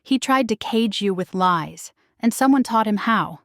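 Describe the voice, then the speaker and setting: A woman reading a romance audiobook voices a powerful male werewolf alpha, speaking quietly and firmly. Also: expressive, unhurried, no room sound, clean studio sound. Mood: tender. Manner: low, quiet, firm delivery. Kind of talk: scripted story narration.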